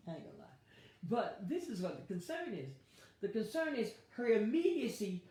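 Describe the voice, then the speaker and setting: A woman pastor, teaching a lively Bible study with playful asides and acted-out quotes. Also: medium pitch. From United States. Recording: very echoey room.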